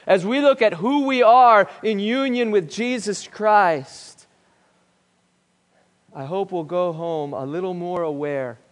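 A man's voice: sits high, slow. Emphatic man preaching in a reverberant hall. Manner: emphatic preaching, swinging from loud to hushed. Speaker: pastor. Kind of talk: sermon. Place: church sanctuary. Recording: long reverb of a church hall.

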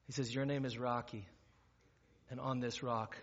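A man serving as pastor preaches in a church sanctuary, beginning conversationally before rising to emphatic preaching. His mid-range voice is level and fairly bright at a moderate pace, heard through a muffled recording in a reverberant church hall.

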